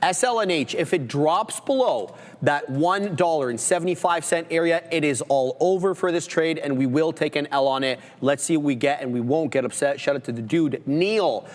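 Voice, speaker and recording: A man hosting a live trading stream, calling out entries and chart levels in steady technical commentary. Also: on the high side, normal speed, hardly any pauses, big-room sound. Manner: steady technical play-by-play with jargon. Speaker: host trader. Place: studio, livestream.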